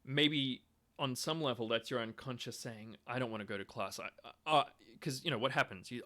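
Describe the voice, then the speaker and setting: A young adult man, a video lecturer on theory, gives a casual self-made explainer that's hesitant and full of ums and restarts. His medium-pitched voice is brisk, bright and forceful.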